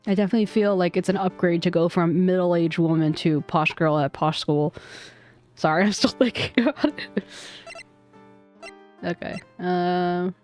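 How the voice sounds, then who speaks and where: A woman's voice: fairly low pitch, moderate pace, darkish tone, faint music behind. A woman streamer chatting casually while playing a game, rambling and thinking aloud. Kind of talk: casual let's-play commentary.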